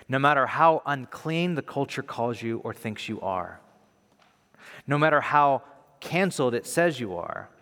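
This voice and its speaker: A male pastor giving a conversational sermon, animated, then dropping softly for emphasis. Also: medium pitch. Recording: reverberant hall.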